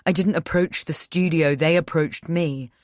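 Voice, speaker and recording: A woman's voice: low voice, steady tone, normal speed, darkish tone, no echo, studio quality, natural voice. A woman voicing a hurt young man who pleads and turns sarcastic, in an audiobook reading. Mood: apologetic.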